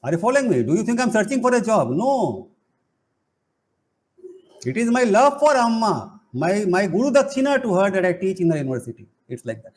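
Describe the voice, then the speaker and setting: Man, middle-aged, high voice, very lively pitch, playful rhetorical spiritual teacher. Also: a little fast. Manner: playful, emphatic, rhetorical questions. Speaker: spiritual teacher and college head. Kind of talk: animated spiritual talk.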